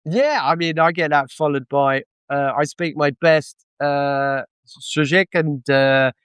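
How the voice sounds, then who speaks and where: A man's voice: a little high, slow pace, fairly bright tone, clean tone, dry recording. A man with a London accent chatting as a podcast guest, self-deprecating and full of hesitant fillers. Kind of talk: casual podcast conversation.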